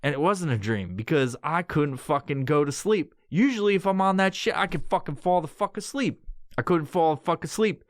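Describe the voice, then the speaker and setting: Lively, swearing podcast storyteller. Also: medium pitch, normal speed, no room sound, clean studio sound. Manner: profane, animated, acts out quotes with yelps and laughs. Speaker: podcast host. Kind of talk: casual storytelling.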